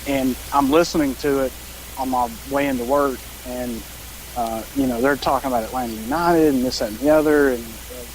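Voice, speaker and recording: A man's voice: mid-range voice, fairly even intonation, brisk, a little hiss or hum, poor audio. A man, co-hosting a podcast and telling a rambling, laid-back story with fillers and swearing. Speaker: podcast co-host.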